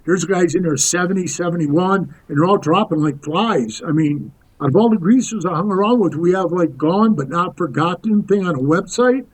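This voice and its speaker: A man's voice: high-pitched, normal speed, hardly any pauses, rough recording. A man in his sixties telling rambling, tough-talking stories as a podcast guest, calling the host "bro.". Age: 60s. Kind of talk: casual storytelling interview.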